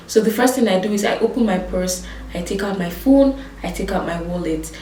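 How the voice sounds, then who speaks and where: A woman's voice: medium pitch, a little fast, hardly any pauses, reverberant, recorded from a distance, rough recording. A young woman telling a dramatic story to her viewers, acting out what people said. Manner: animated storytelling, acts out quoted voices. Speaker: vlogger. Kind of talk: storytime vlog.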